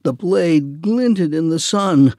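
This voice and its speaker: A man narrates a children's storybook at an unhurried pace. His pitch sits slightly high and moves expressively, recorded dry and close. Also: animated, mellow, no room sound. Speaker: audiobook narrator. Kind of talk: children's audiobook reading.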